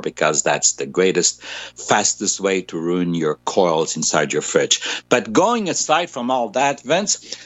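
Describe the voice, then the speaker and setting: A man's voice: fairly low pitch, highs cut off. A man co-hosting a show in casual chat, telling a rambling home story and chuckling often.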